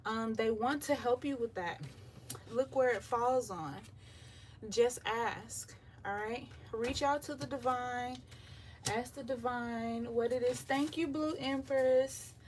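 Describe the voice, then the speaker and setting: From her home by the beach, windows open, a tarot reader gives a live reading in a slightly high, breathless voice, unhurried and relaxed, with frequent ums as she chats. Faint surf noise drifts in, and her voice is somewhat distant from the mic.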